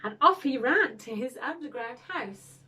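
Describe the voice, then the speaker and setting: A woman reading a picture book aloud to children, expressive, with gasps and exclamations. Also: sits high, a little slow, breathy edge. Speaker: storyteller for children.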